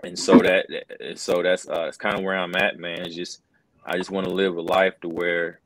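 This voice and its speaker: A man's voice: low voice, level tone, normal speed, rough recording. A middle-aged man, a wrestling commentator, telling a story in an earnest, loose way, often saying "bro" and "man". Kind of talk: casual interview storytelling.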